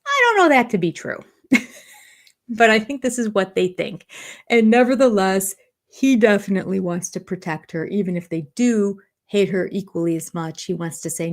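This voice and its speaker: An older woman hosts a live-stream chat with viewers about reality TV, her medium-pitched voice very animated at a moderate pace. She keeps it casual and sarcastic, laughing often as she reviews.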